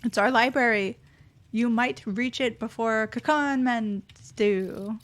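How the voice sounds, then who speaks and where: A woman voicing a weary old male goblin who protects the heroes, with a slow, grave delivery. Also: fairly high pitch.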